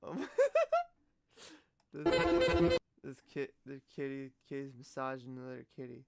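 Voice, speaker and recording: A woman's voice: extremely low pitch, flat delivery, a little slow, vocal fry, loud music behind the voice. A woman streamer in a casual live-stream reaction, giggly and gushing, often exclaiming and trailing off mid-sentence.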